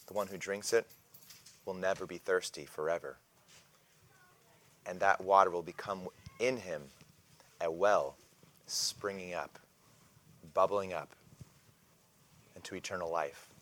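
A man voicing a gentle, patient male teacher in a Bible lesson, speaking softly, slowly and earnestly. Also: medium pitch, natural voice. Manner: soft, slow and earnest.

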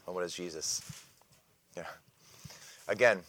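A man leads a relaxed Bible lesson in a lower-pitched voice. He talks in a halting, conversational way, with many fillers and restarts. He often stops to clear his throat. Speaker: Bible class teacher.

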